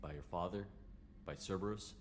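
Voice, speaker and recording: An actor playing a male starship commander who speaks in an even, measured way in a game. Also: sits low, slight background noise, natural voice. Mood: calm.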